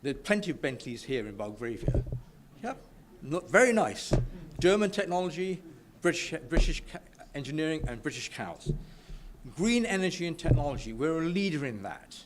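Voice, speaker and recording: A man's voice: a little high, sing-song, moderate pace, background noise. A man from the UK speaking informally at a business networking event, full of enthusiasm, often stumbling and restarting his sentences. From United Kingdom. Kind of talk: informal speech to an audience. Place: event room with a live audience.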